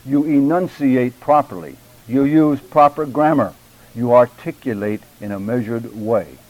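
Man, mid-pitched, instructor lecturing a church speaking class; deliberate, emphatic, carefully enunciated delivery. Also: lo-fi sound. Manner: addresses class members by name.

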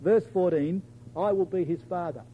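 A man preaching a sermon to his congregation, emphatic, quoting scripture in old-fashioned wording and dropping softly at the ends of phrases. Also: normal speed, phone-quality sound, slight background noise. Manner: emphatic, addresses listeners as brethren and sisters; drops to a soft low voice at the ends of phrases.

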